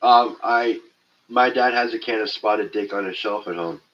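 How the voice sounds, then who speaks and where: A man's voice: fairly low pitch, normal speed, fairly bright tone. A man with a stuffy nose hosting a casual live stream, joking loosely, swearing freely and reading out viewer comments. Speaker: livestream host. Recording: dull lo-fi stream audio.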